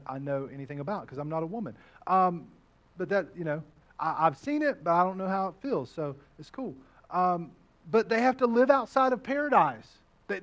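A male pastor with a notably high speaking voice delivers a sermon. He repeats pointed questions that climb and grow louder, then sinks to quiet, intimate stretches. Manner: preaching with rising, repeated questions that build in volume.

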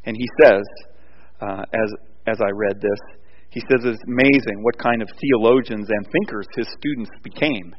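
A man preaching a sermon, moving between loud emphatic points and quiet, rambling storytelling with frequent restarts. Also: lowish voice, moderate pace. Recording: dull sound with long hall reverb.

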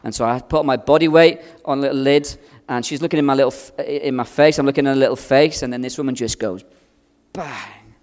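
A man preaching a sermon, telling a personal story with strong swings between loud and hushed delivery. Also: medium pitch, a little fast, big-room sound. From outside America.

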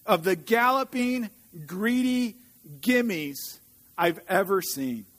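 A man voicing a father bear, soft on his cubs but blustering when angry, while reading a storybook aloud. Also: high voice, lively intonation, slow pace, heavily acted.

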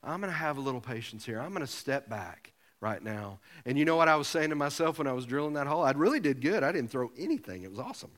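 A pastor preaching a sermon, telling a self-mocking story with humor. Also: male voice, mid-range voice, sing-song, fast, hardly any pauses, a bit bright. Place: church sanctuary. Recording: long hall reverb.

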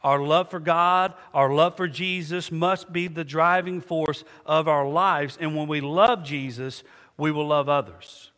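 Guy preaching, high bright voice, keeps asking the church to finish his lines, long reverb. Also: fairly even intonation, measured pace. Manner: call-and-response preaching, asks the congregation to fill in words. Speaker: pastor. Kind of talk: sermon.

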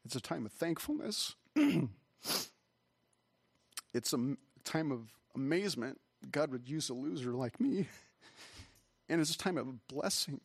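Male pastor, mid-pitched, earnest and rambling, close and dry sound. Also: expressive, normal speed, vocal fry, dry recording. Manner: rambling, earnest, with many restarts and fillers. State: emotional, voice catching. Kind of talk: conversational sermon. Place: church hall.

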